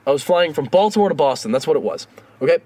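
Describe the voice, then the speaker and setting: Animated young man telling a story. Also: on the high side, fast talker. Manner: animated, swears, acts out dialogue. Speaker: podcast co-host. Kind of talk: casual storytelling chat.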